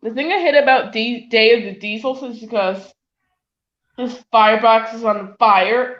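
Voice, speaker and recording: A woman's voice: on the high side, unhurried, fairly bright tone. A woman in casual stream chat, teasing and cutting in with questions. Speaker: stream co-host. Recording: dull echoey room sound.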